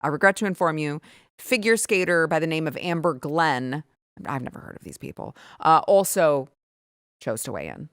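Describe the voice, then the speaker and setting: A woman's voice: low voice, lively intonation, moderate pace, no echo, studio quality. A woman hosting political commentary, talking in a sarcastic, indignant way with frequent restarts. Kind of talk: opinionated commentary.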